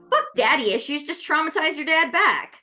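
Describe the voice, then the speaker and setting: A woman with a high, bright voice that swings widely in pitch, chatting and joking with her fellow players. She laughs often. Faint music plays behind her. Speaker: tabletop player. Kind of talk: casual chat between players.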